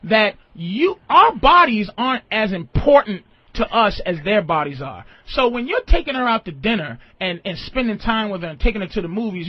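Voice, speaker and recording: A man's voice: very high-pitched, no echo. A man giving dating advice as a comedic rant, profane and emphatic, acting out quoted lines in other voices. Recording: dull lo-fi dry recording.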